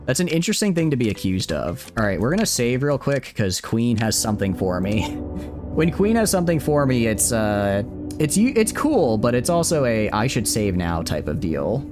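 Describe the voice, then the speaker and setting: A man's voice: mid-range voice, sing-song, normal speed, music in the background. A man streaming a game who rambles, thinks aloud and answers chat as he plays. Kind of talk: casual live-stream commentary.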